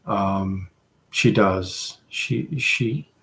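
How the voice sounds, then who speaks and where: A man's voice: sits low, steady tone, very slow, vocal fry, a bit bright. A man hosting a casual livestream, chatting with viewers in a rambling, self-deprecating way. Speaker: livestream host.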